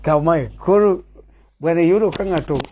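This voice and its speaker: A man's voice: fairly high pitch, normal speed, muffled recording. A man hosting a casual chat who keeps up a stream of short agreements and often repeats his own phrases. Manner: talks over guests with frequent short agreements, repeats phrases. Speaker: host. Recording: steady electrical hum behind the voice.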